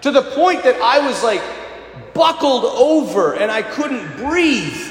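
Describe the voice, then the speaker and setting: A man telling an animated personal anecdote, retelling it dramatically with shouted bursts. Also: very high-pitched, slow pace. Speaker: storyteller. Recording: roomy hall with long reverb.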